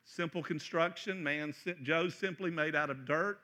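A middle-aged man preaching a sermon, joking and acting out scenes, sometimes breaking into loud shouts. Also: fairly high pitch, normal speed. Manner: animated, joking, acts out voices with loud shouts. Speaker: pastor.

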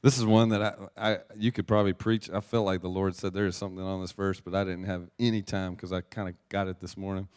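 Guy preaching, lowish voice, chatty storyteller, keeps restarting his sentences. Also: little pitch movement, quick pace, few pauses, a little mellow, clean tone. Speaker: pastor. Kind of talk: casual sermon with personal story.

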